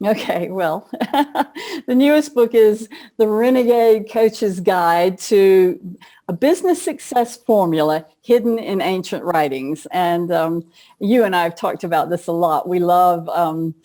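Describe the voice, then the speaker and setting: A woman's voice: on the low side, measured pace, warm tone. A middle-aged woman, an author and coach, telling stories in a chatty way during an interview. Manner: chatty storyteller, laughs often. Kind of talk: casual interview conversation.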